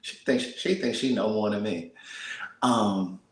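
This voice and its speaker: An American man talking casually to live viewers from a small apartment, speaking softly and half-whispering, laughing and reading out comments. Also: lowish voice, a little slow, roomy sound, rough recording. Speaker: vlogger on a livestream.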